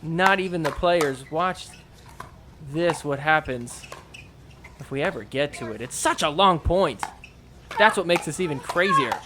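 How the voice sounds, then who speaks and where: A man's voice: on the high side, lively intonation, a little slow, long pauses, noisy background. A man hosting a podcast, giving casual commentary over match clips in a playful way. He laughs often and mimics the players. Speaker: podcast host.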